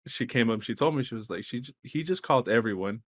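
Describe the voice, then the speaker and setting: Casting: young man, animated storyteller, casual podcast co-host, cusses freely. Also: mid-range voice, fast. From Texas. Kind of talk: casual chat.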